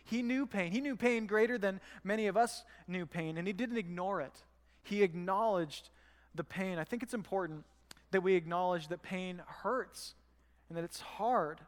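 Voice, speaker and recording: A man with a high voice preaching a sermon as pastor. He speaks in a conversational way and asks the congregation rhetorical questions. His voice carries a long reverb from the church hall. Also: normal speed.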